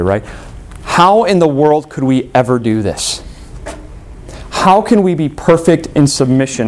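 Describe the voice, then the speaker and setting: A man preaching a sermon, earnest, with emphatic rises in pitch and soft, low drops when quoting prayers. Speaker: pastor.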